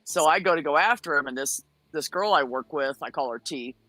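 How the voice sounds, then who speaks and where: A woman's voice: deep voice, a little fast, dry recording. Brash, foul-mouthed woman telling a story. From United States. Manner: blunt, profane, animated storytelling. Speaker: guest. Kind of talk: casual storytelling on a chat show.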